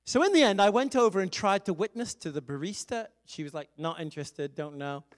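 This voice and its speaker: Middle-aged male preacher, high and lively pitch, chatty storytelling sermon. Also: quick pace. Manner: conversational storytelling with laughs. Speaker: evangelist and pastor.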